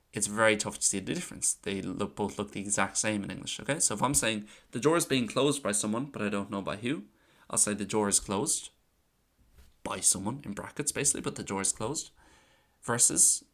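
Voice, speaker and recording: A man with a lowish voice teaches grammar in a chatty, relaxed way. He walks through examples and slows down to repeat key phrases. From Ireland. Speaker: Irish language teacher. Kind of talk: casual online lesson.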